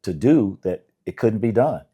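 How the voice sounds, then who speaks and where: An older man from Indianapolis, a songwriter being interviewed, telling relaxed stories with laughter and acting out the voices of people he quotes. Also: lowish voice, moderate pace, slightly rough. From Indianapolis, USA. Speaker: songwriter guest.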